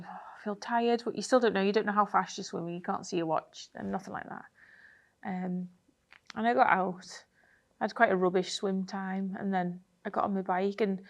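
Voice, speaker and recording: A woman's voice: mid-range voice, gravelly. Chatty woman telling a race story. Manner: chatty, animated retelling with many fillers. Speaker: triathlete guest. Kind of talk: casual interview storytelling.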